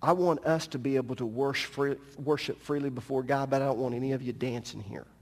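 A man preaching a sermon as pastor, telling a story with animated delivery and joking asides. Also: medium pitch, fast talker, long reverb tail.

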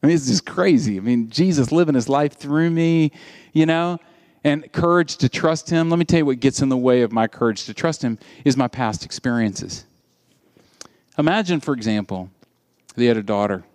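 A man preaching a sermon in an animated, conversational storytelling way. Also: medium pitch, moderate pace.

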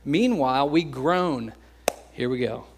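A young American man preaching to his congregation. He keeps it loose and conversational, cracking jokes and slipping into quick impressions of everyday people. His voice sits at an ordinary middle pitch. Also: a little hiss or hum. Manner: conversational and joking, acts out quoted voices. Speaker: pastor. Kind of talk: sermon.

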